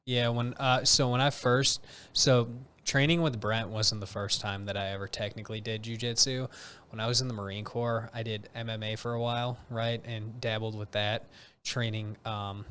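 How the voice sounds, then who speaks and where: A man's voice: on the low side, fairly even intonation, normal speed, a bit bright, smooth. A man in casual podcast chat, talking candidly and running himself down, with "dude" and "man" dropped all through his sentences. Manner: candid, self-deprecating, drops "dude" and "man" often.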